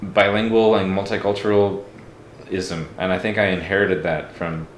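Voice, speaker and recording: Man, from Mexico, very low voice, reflective, candid, echoey room, faint background hum. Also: little pitch movement, moderate pace. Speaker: podcast guest. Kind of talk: casual interview talk.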